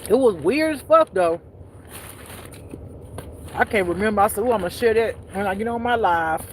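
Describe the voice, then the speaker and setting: A woman's voice: mid-range voice, expressive, normal speed, slight background noise, low-quality recording. A woman chatting loosely and profanely to her viewers, laughing often at her own jokes. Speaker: spiritual teacher streaming live. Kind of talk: casual unscripted chat.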